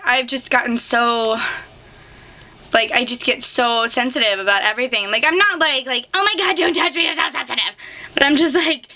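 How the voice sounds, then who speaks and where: A woman's voice: high voice, bright, forceful tone, poor audio. A woman in her thirties ranting casually to camera in a confessional vlog, exasperated and frank. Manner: exasperated, swings into mock sobbing. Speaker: vlogger.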